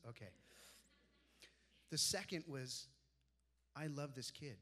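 A pastor in his forties preaching a sermon. He tells personal stories and drops soft and low when he quotes his mentors. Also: moderate pace, long pauses.

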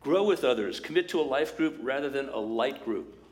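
A man preaching a sermon as pastor, in a lively conversational way, acting out quoted voices and asides. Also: medium pitch, brisk.

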